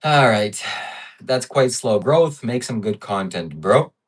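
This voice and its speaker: A man's voice: mid-range voice, animated, slow pace, slightly rough, recorded from a distance. A man hosting a livestream, reading viewer donations in blunt, brash, profane casual chat. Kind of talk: casual live-stream chat.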